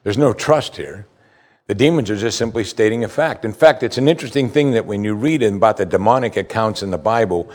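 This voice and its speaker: A man preaching a sermon, reading scripture aloud and explaining it with emphatic rises and quiet low asides. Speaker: pastor.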